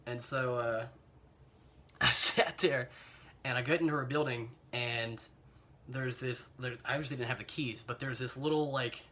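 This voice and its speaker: A man's voice: mid-range voice, steady tone, measured pace, pushed and bright. A young American man telling an embarrassing personal story in a casual, rambling way, self-mocking and filled with fillers and chuckles, recorded on a phone camera. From United States.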